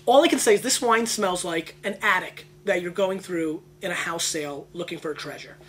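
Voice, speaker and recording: A man hosting a casual wine tasting video, brash and excitable, veering off into rambling tangents. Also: sits high, a little fast, slightly rough. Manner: brash and emphatic. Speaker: wine show host.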